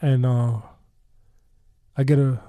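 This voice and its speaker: A man's voice: mid-range voice, little pitch movement, slow pace, warm tone, no room sound. A man telling a story in a loose, rambling way, full of fillers and restarts, with blunt street-tough talk. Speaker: storytelling guest. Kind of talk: casual spoken storytelling.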